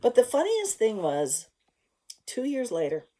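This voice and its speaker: Woman, vlogger, frank personal storytelling, casual swearing, lively swooping pitch, loud-to-hushed swings. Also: a little slow.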